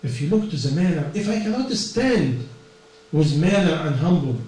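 High-voiced preacher in an echoey hall. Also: male voice, big pitch swings, normal speed, dark tone. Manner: earnest, non-native English with plain grammar slips. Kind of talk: sermon. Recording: echoey distant room recording with mains hum.

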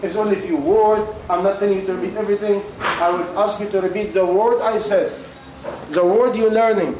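Male teacher, high pitch, repeats questions in broken English, voice going; distant mic in a noisy, echoing room. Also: steady tone, brisk. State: losing his voice. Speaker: religious teacher. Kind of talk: question-and-answer class talk. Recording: very echoey room, far from the mic, ambient noise.

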